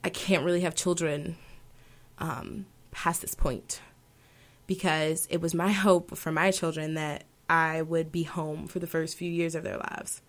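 Young woman opera singer, low-pitched. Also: flat delivery, measured pace. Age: 20s. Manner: thoughtful, rambling with fillers and self-corrections. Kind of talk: casual interview answers.

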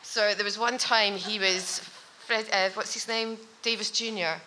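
A woman chatting casually as a podcast guest, telling animated stories and laughing often. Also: mid-range voice, a little slow, low-quality recording. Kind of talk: casual chat. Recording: noticeable background noise.

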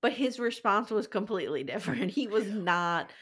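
A woman's voice: mid-range voice, expressive, normal speed, a bit bright, husky. A woman co-hosting a podcast in casual chat, frank and opinionated, laughing easily. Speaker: podcast co-host.

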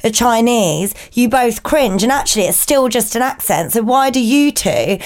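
A woman's voice: fairly high pitch, lively intonation, moderate pace, darkish tone. Chatty woman with a Home Counties accent. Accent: Home Counties English. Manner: chatty, provocative, swears freely. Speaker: podcast co-host. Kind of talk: casual chat.

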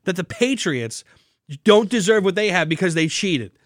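A man's voice: sits high, sing-song, normal speed, no echo, studio quality. A man co-hosting a podcast, arguing heatedly and profanely, cutting in over his partner. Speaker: podcast co-host. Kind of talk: heated casual sports argument. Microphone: podcast microphone.

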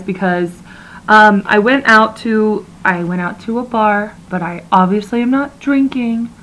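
A young woman co-hosting a podcast in rambling casual chat, her voice slightly hoarse and froggy. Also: medium pitch, a bit bright, poor audio. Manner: rambling, chatty, laughs often. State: slightly hoarse, froggy from talking loudly at a bar. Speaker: podcast co-host.

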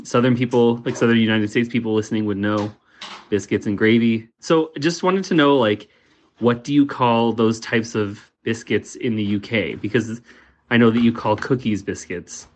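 A man's voice: medium pitch, steady tone, normal speed. A man from Canada, calling in to a podcast with a casual, curious, slightly nervous message. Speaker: caller. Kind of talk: recorded phone-in message.

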